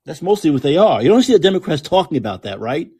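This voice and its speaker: A man's voice: fairly high pitch, very animated, fast talker, dark tone, breathy edge. A man hosting a podcast, ranting angrily and sarcastically with lots of swearing. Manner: angry, profane, sarcastic ranting. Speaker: podcast host. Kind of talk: ranting political commentary.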